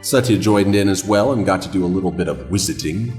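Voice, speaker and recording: A man's voice: deep voice, fast talker, darkish tone, in a large hall, soft background music. A man giving dry, wry scripted voice-over narration for a travel vlog.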